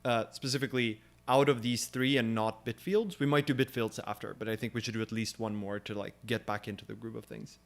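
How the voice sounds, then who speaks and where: A young man hosting a live coding session, thinking aloud as he explains code and works through ideas, often pausing with fillers and restarts. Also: fairly low pitch, steady tone, gravelly. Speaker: programming stream host.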